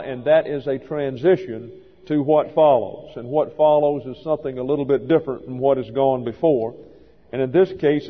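Man teaching a methodical Bible sermon. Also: medium pitch. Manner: measured, methodical, lecturing. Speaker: pastor. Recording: dull lo-fi sound with long hall reverb.

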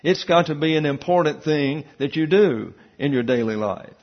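A man's voice: on the high side, animated, moderate pace, lo-fi sound. A man preaching a Bible teaching sermon, explaining verses and tossing in asides and questions to the congregation. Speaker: pastor.

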